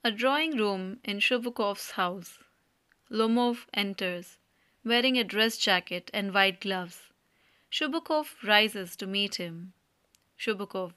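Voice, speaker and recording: A woman narrating a school play as an audiobook, with a clear, measured reading. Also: medium pitch, pushed and bright.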